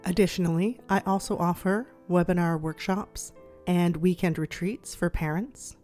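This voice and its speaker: A woman therapist hosting a podcast, reading her reflective script in a gentle, measured, soothing way. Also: lowish voice, fairly even intonation, faint music behind. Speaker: child therapist and podcast host.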